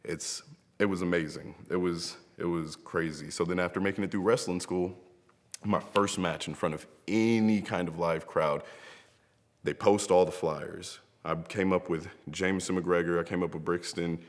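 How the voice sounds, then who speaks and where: A man's voice: low voice, fairly even intonation, moderate pace, in a large hall. A young man and wrestler, grieving, telling heartfelt rambling stories in a tribute to a late friend, seated before a camera. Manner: heartfelt, rambling storytelling with frequent laughs. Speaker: professional wrestler. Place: seated in front of a camera, indoors. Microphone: camera mic.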